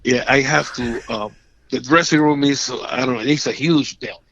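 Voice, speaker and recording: A middle-aged man from Puerto Rico who speaks Spanish natively, telling animated stories in broken English with a Puerto Rican Spanish accent, full of restarts and fillers, punctuated by sudden loud bursts when he acts out quotes. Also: mid-range voice, normal speed. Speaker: guest, former wrestler. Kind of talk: animated storytelling in an interview. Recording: dull, slightly lo-fi podcast audio.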